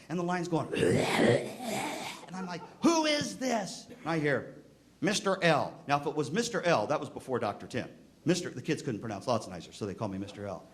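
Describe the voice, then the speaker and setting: A middle-aged man giving a storytelling speech to band directors at a convention, acting out voices in his stories. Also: a little high. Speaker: keynote speaker to band directors. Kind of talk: storytelling speech to a live audience. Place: convention hall.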